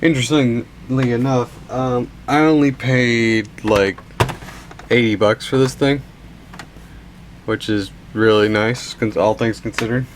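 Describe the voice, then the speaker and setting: Filming his game collection, a tired young man narrates in a casual show-and-tell, rambling, restarting and holding back yawns. He speaks in a steady, mid-range voice at a measured pace, with slight background noise.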